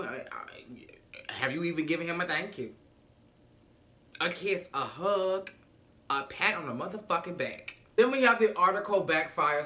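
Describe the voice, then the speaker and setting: Sassy, high-voiced man recapping a show. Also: bright, forceful tone. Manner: sassy, profane, dramatic. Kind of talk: casual episode recap.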